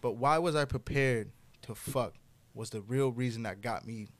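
Animated young man from telling a story. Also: normal speed, dry recording. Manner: animated, swears freely, gets loud and high when excited. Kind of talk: casual podcast storytelling.

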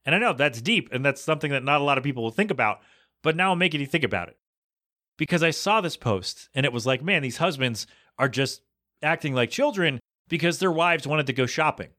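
A man on a podcast telling a rambling anecdote in a casual, animated way, acting out the people in it as he goes. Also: a little high, a little fast. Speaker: podcast co-host. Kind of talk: casual storytelling chat.

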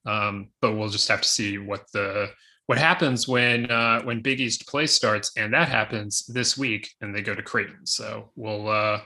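Bright-voiced man talking college baseball. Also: lowish voice, fairly even intonation. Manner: conversational, quick asides. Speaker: podcast co-host. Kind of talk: casual sports chat.

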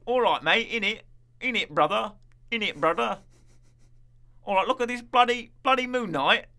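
A man's voice: sits high, normal speed, sharp tone, pitched above the performer's own voice. A man doing a goofy impression of a British-accented film character, rambling and repeating slangy words. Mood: goofy mocking. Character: exaggerated mock-British male film character.

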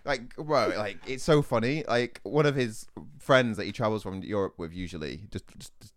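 Young man telling a rowdy story. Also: fairly low pitch. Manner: animated, swearing, quick retorts. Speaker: podcast host. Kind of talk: casual storytelling chat.

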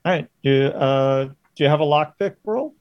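A man narrating as game master of a tabletop game, relaxed and halting. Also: on the high side, no room sound, dull audio.

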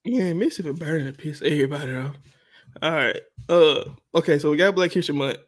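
A young man co-hosting a podcast in casual chat, an animated storyteller who acts out voices and laughs a lot. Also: a little high, fast talker. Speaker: podcast co-host.

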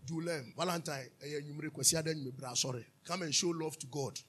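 A Ghanaian man preaching a sermon as pastor, animated, drifting into sung lines and asking his listeners to answer back. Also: fairly high pitch, fast, breathy edge. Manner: calls for audience responses, asks and answers himself.

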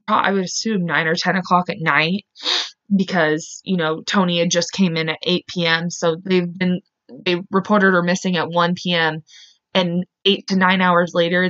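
A woman's voice: on the low side, fairly bright tone. Chatty woman on dull lo-fi audio. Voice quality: chatty, heavy on "like" fillers, swears when angry. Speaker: podcast host. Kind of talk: casual true-crime retelling. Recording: dull lo-fi recording.

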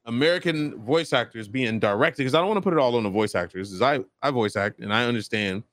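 A man co-hosting a casual podcast chat, animated and breaking into acted-out voices as he talks. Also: mid-range voice, fast talker, no echo, studio quality. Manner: animated, acts out voices mid-story. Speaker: podcast co-host.

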